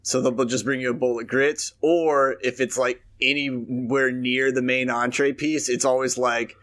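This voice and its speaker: A man co-hosts a podcast in an easygoing, chatty manner. He swears casually and keeps his pitch in a middle range. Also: level tone, unhurried, fairly bright tone. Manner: laid-back, profane, chatty. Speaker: podcast co-host. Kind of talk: casual chat.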